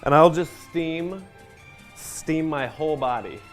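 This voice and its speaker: A man hosting, reading a question and giving a deadpan, overly earnest answer. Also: on the high side, takes it slowly, faint music behind. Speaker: host. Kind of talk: mock-serious answer.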